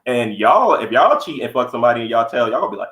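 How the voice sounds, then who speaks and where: A man's voice: mid-range voice, very animated, fast, fairly bright tone. A young man co-hosting a podcast, telling blunt, profane stories in casual chat. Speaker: podcast co-host. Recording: echoey room.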